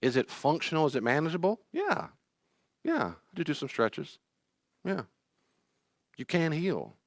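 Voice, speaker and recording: A man's voice: fairly high pitch, sing-song, a little slow, no echo, clean studio sound. A middle-aged man, a therapist teaching a class, telling personal stories in an earnest, pleading way. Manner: earnest, pleading, acts out quoted voices.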